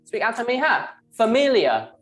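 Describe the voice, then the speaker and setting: A male English teacher with a Vietnamese accent leads an online class. He models each word slowly and tags most phrases with "right?" or "huh?". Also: very high-pitched, huge pitch swings, a bit bright, soft background music. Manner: ends phrases with tag questions "right?" and "huh?"; slow, emphatic model pronunciations. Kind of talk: online class, pronunciation drilling.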